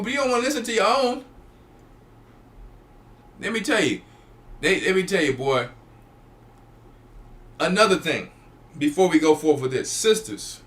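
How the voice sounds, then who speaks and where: A man's voice: sits high, bright, forceful tone. A man, a church elder hosting a show, preaching emphatically and repeating phrases. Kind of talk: preaching talk to a live audience.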